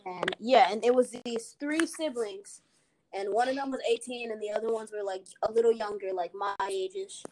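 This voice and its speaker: A woman's voice: on the high side, moderate pace, darkish tone, slight background noise. A young woman chats casually in a slightly raised voice, recounting things frankly. She swears often and fills her talk with "like" and "you know.". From Minnesota. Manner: frank, swears freely, many fillers. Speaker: guest telling a story. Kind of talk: casual chat.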